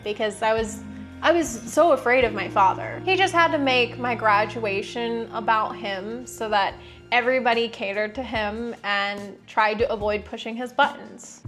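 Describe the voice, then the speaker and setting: A woman's voice: fairly high pitch, a bit bright. Sarcastic, frank young woman. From United States. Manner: frank, sarcastic, swears freely. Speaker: vlogger. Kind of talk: candid personal storytelling.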